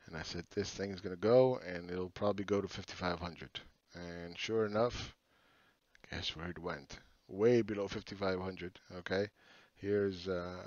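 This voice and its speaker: A man's voice: low-pitched, no echo. A middle-aged man giving blunt, profane, mocking chart commentary in a casual way. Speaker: market commentator. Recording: dull lo-fi sound.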